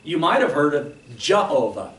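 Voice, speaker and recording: Man, pastor, sermon, slightly high voice, a bit far from the mic. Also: expressive, takes it slowly, a bit bright, roomy sound. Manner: explanatory teaching, frequent "okay?" check-ins. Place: church sanctuary.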